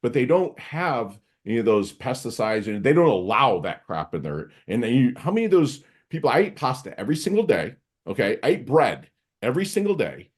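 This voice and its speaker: A man's voice: mid-range voice, very animated, a little fast, breathy edge. An American man hosting a podcast in casual interview chat, talking loosely and rambling with slang. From United States. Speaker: podcast host.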